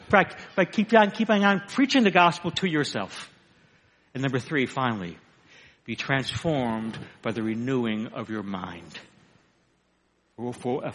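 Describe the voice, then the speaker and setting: A male pastor preaching a sermon, swinging from loud, emphatic bursts to hushed, quiet lines. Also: medium pitch. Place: church sanctuary. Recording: long hall reverb.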